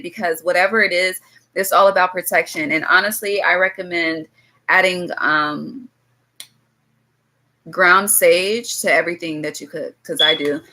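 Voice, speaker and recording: A woman with a bright, forceful voice pitched a little low gives a casual tarot reading straight to her viewers. She is blunt and swears freely, drifting into chatty asides, over a faint hiss of background noise. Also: poor audio. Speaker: tarot reader.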